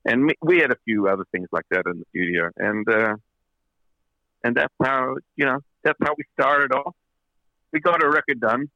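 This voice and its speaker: A man's voice: medium pitch, normal speed, no echo, highs cut off. A man, a record producer as an interview guest, telling long anecdotes with many fillers and restarts. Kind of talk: interview storytelling.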